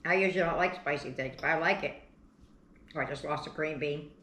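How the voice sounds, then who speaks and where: A woman's voice: low-pitched, fairly quick, fairly bright tone. A middle-aged woman hosting a home cooking channel, chatting and giggling in a homey way while she tastes her dinner. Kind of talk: casual chat while taste-testing food. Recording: echoey room.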